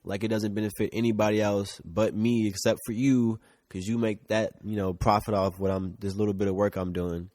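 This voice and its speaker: Laid-back low-voiced man chatting. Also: steady tone, brisk, hardly any pauses, a little mellow, dry recording, studio quality. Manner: loose, swearing, rambling with many "like"s. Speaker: podcast co-host. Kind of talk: casual chat. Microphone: shared mic.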